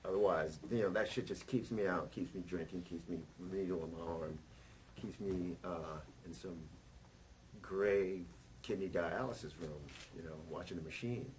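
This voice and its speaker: A man, a punk musician, telling a rambling personal story in an interview, swearing and pausing on fillers. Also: low voice, a little mellow, a little hiss or hum, low-quality recording. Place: record label office.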